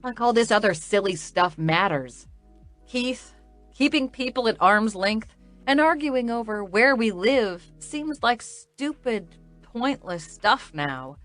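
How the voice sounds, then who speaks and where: A woman's voice: a little high, expressive, slow, a bit bright, faint music behind. A woman reading a first-person romance audiobook with an emotional, wobbly, tearful delivery. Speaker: audiobook narrator.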